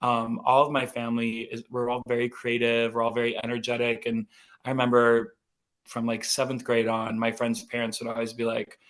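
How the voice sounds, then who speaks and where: Chatty male podcast guest in his thirties, light North Dakota vowels, mid-pitched, upbeat storyteller. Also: monotone, fairly quick, a bit bright. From North Dakota, USA. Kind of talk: casual interview chat.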